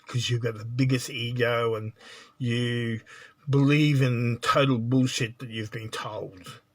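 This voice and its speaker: A man's voice: mid-range voice, fairly even intonation, takes it slowly. A man giving a spiritual monologue as a teacher, blunt and lecturing, often checking in with "right?".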